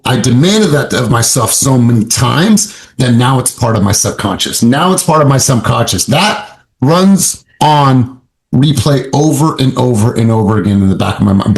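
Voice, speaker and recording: A male sales coach delivers his session in an emphatic, motivational way, repeating key points for effect. His voice sits at an ordinary middle pitch. The room around him rings with noticeable echo. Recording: roomy echo.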